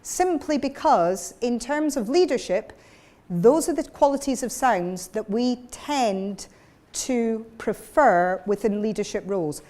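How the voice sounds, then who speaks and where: A woman's voice: fairly high pitch, lively intonation, slow pace, warm tone. Woman coaching voice to a room. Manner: demonstrative, breaks into sound demos. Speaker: vocal coach. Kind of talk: workshop lecture with live voice exercises. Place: room with live audience.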